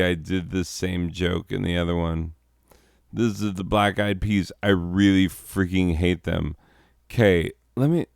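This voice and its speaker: A man's voice: sits low, a little mellow, clear, resonant tone, no echo, studio quality. A man hosting a gaming video, rambling sarcastically and laughing as he plays. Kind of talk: casual commentary while playing.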